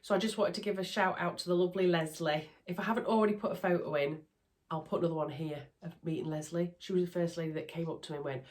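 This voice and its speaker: Chatting at night to her phone camera, this Yorkshire woman sounds nasal and stuffed up from a cold, poking fun at herself in a relaxed way. She's a sewing vlogger sitting in her bedroom beneath a ring light. Her voice is fairly low and she talks fast.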